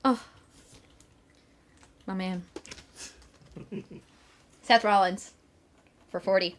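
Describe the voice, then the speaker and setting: A woman's voice: mid-range voice, fairly even intonation, extremely slow. A young woman chatting playfully on a live sales stream, teasing and listing signed photos. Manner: playful, bantering. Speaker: guest autograph seller.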